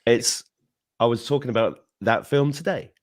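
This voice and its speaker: A man's voice: mid-range voice, normal speed, no echo, clean studio sound. A man in his fifties hosting a casual podcast chat, rambling through stories with swearing and laughter. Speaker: show host.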